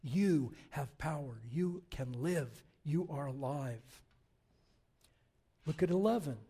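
A male pastor preaching a sermon, reading verses aloud and urging his listeners on with animated, forceful exhortation. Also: on the high side, takes it slowly, breathy edge.

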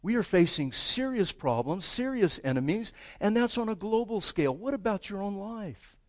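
Animated preaching man, fairly high voice. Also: moderate pace. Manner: animated, asks the congregation questions and acts out prayers. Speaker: pastor. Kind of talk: sermon.

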